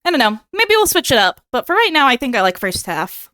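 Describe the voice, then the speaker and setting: Playful young woman streamer, high bouncy voice, dry close sound. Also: very animated, fairly quick, sharp tone, no echo. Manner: playful, dramatic begging bits. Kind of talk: casual live-stream chat with viewers.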